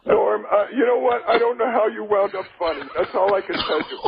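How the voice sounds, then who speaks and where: A comedian calling in to a radio show, teasing the others loudly and telling a long joke over the phone. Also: male voice, high voice, brisk, gravelly. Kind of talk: brash radio banter. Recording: tinny phone line.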